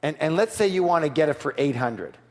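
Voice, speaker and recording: Energetic man leading a seminar crowd. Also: a little high, brisk. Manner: energetic, leads the audience in call-and-response; drops to a soft, quiet voice for role-played offers. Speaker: seminar speaker. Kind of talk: motivational sales seminar. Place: large hall with a live audience. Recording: long hall reverb.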